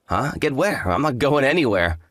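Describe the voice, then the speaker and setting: A man's voice: mid-range voice, big pitch swings, normal speed, a bit bright, no room sound, studio quality. An actor playing an arrogant, hungover young fiancé who talks down to his partner in a lazy, condescending drawl. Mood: dismissive. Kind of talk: dramatized story voice acting.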